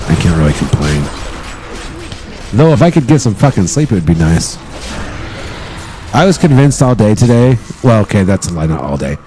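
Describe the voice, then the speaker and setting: A man's voice: on the low side, sing-song, normal speed, long pauses, warm tone, a little hiss or hum. A man chatting casually on a live stream, joking and swearing as he rambles.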